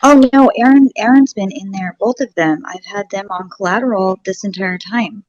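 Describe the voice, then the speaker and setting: A woman's voice: mid-range voice, normal speed, a little mellow, lo-fi sound. A woman representing herself in a court hearing over a remote call, flustered, apologetic and often interrupting. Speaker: self-represented parent.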